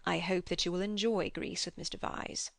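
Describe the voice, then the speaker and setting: A woman reading an audiobook, voicing a kindly old widowed man who speaks slowly, mildly and earnestly. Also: on the low side, steady tone, vocal fry, no room sound, studio quality. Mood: gentle.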